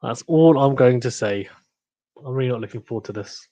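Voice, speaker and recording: A young man hosting a cricket watchalong livestream, reacting excitedly, groaning and pleading with each ball. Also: mid-range voice, a little slow, pauses often, poor audio. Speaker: livestream host.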